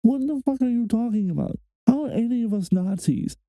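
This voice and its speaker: A man's voice: very high voice, lively intonation, fairly quick, dark tone, no room sound, rough recording. A man hosting a reaction video, ranting heatedly and swearing often. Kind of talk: casual reaction commentary.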